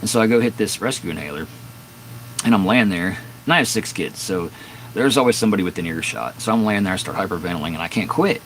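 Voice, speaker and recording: A man's voice: lowish voice, animated, quick pace, fairly bright tone, slight background noise, low-quality recording. A man in his fifties casually telling a long, candid story on a live stream from his garage, rambling with fillers and restarts. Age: 50s. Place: home garage with door open at dusk.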